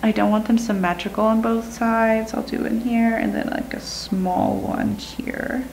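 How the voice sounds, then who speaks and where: A woman explaining a makeup look step by step in a calm talk-through while she works, sometimes dropping to a whisper. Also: a little high, measured pace, a little hiss or hum, poor audio. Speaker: makeup tutorial host.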